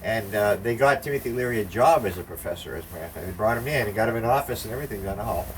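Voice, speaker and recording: An older man spins a rambling, profane anecdote in casual conversation, very fast and animated in a fairly low voice, acting out the voices of the people involved. The mic is distant, with faint background noise.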